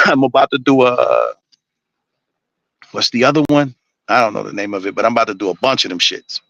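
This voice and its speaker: A man's voice: medium pitch, animated, fairly quick, creaky, pushed and bright, dry recording, highs cut off. A man ranting on a live stream, blunt and preachy, swearing constantly. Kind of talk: profane ranting monologue.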